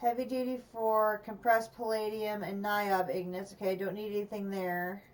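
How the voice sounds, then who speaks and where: A woman's voice: mid-range voice, level tone, normal speed, distant mic, slight background noise. A woman streamer commenting on a game as she plays, thinking aloud and chatting to herself. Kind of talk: gameplay livestream commentary.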